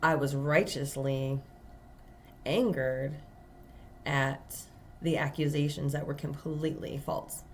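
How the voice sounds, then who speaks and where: Woman, low voice, tarot reader, casual earnest monologue with fillers, faint background noise. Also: darkish tone. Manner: earnest, emphatic storytelling with many fillers.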